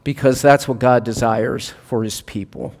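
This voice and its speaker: A pastor preaching a sermon in a conversational, gently joking manner. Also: male voice, medium pitch, fairly even intonation, normal speed, in a large hall.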